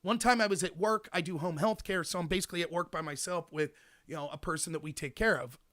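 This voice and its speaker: The host, an American man, has a slightly high voice and a fast delivery. On his political talk show he gives an animated, opinionated monologue aimed directly at the people listening.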